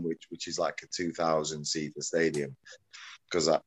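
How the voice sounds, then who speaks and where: A middle-aged man talks loosely through his story as an interview guest. His voice sits a little low, and he often restarts his sentences and chuckles along the way. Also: moderate pace. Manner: rambling, self-correcting, chuckling. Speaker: MMA promoter, guest. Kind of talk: casual interview chat.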